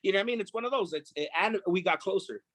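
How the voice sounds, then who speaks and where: A man's voice: high voice, expressive, racing, fairly bright tone, no room sound. A man in a casual interview, talking in a rambling, profane way with many fillers. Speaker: DJ, guest.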